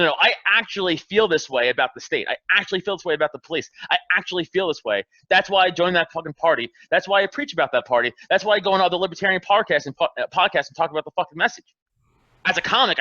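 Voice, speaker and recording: A man's voice: on the high side, pushed and bright, no room sound, muffled recording. Profane, fired-up man on a podcast. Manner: profane, impassioned, ranting with rising emphasis. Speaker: podcast guest, comedian. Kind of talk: heated casual podcast rant.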